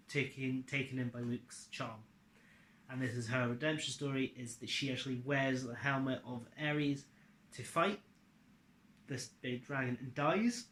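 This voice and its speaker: Bright-voiced man rambling in an echoey room. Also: mid-range voice, a little hiss or hum. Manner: loose, offhand, with fillers and casual swearing. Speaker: video creator summarizing his series adaptation. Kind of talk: casual rambling explanation.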